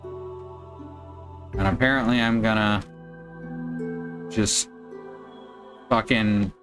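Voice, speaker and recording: A man's voice: fairly low pitch, fairly even intonation, extremely slow, over music. A man streaming a video game, giving casual commentary with wry, joking asides.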